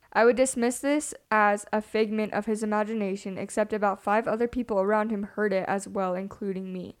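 A young woman reads a scary story aloud in a hushed, subdued way. Between stories she chats casually as a co-host. Her voice sits at an ordinary middle pitch for a woman. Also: fairly even intonation, fairly quick, few pauses, clean tone. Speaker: podcast co-host.

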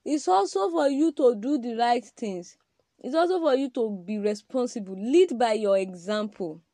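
A woman's voice: fairly high pitch, animated, normal speed, warm tone, no room sound. Emphatic woman preaching to men. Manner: emphatic, addresses men directly, rhetorical questions. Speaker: podcast speaker on marriage. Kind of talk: preaching-style talk.

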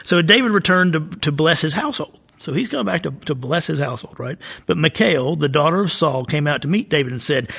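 A man with a Southern US accent talks through scripture in a relaxed Bible study chat. His voice is gravelly and a little husky, and he sits a bit high for a man. He keeps checking in with "right?" and laughs easily. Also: brisk, hardly any pauses. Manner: conversational, often tags "right?" and laughs easily. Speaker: co-host of a Bible study podcast. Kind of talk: casual Bible study discussion.

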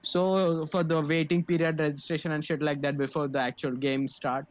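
A man's voice: fairly high pitch, little pitch movement, moderate pace, dry recording. Young man, rambling. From India. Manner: laughing, profane, rambling storytelling. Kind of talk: casual chat.

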